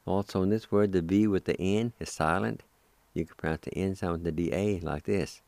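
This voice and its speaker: A man's voice: sits low, fairly even intonation, gravelly, a little mellow, dry recording. A man hosting a radio language lesson who spells words and sounds them out syllable by syllable, patient and encouraging with his listeners. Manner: slow and careful, breaks words into syllables. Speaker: radio host teaching language vocabulary.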